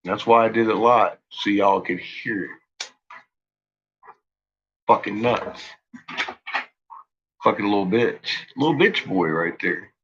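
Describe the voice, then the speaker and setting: A man's voice: on the low side, moderate pace, few pauses, a bit bright, lo-fi sound, slight background noise. A man ranting profanely and agitatedly on a casual live stream.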